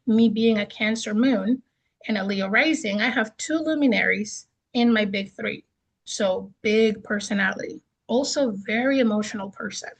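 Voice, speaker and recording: A woman teaching a beginner astrology class in a chatty, expressive way, often checking in with "right?". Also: a little high, rough recording. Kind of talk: casual class lecture.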